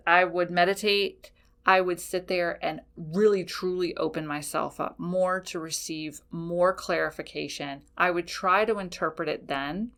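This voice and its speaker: A woman's voice: on the low side, fairly bright tone. A woman podcast host giving frank, casual spiritual advice, swearing freely and checking in with "okay?". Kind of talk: casual spiritual teaching talk.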